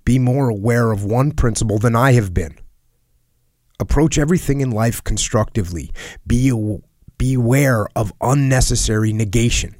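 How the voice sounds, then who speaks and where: A man reading a personal letter aloud in a solemn, earnest and measured way, sometimes dropping to a hush. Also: medium pitch, no room sound, studio quality. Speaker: reader of a letter.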